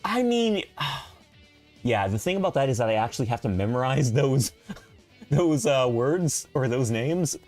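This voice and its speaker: Excitable, rambling young-sounding male streamer. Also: a little slow, soft background music. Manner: rambling and excitable, laughing often, voice jumping high when thrilled. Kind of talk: casual live-stream chat.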